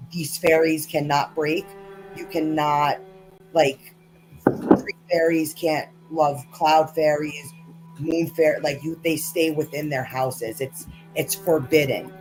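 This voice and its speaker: A woman narrating as game master in a tabletop game, casual and halting with many fillers. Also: low-pitched, steady tone, a little mellow, soft background music, rough recording.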